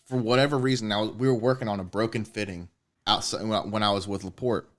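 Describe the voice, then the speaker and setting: A man, a podcast co-host telling a personal story in casual chat, swearing often and getting excited. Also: on the low side, quick pace. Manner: animated, swears a lot, rising excitement.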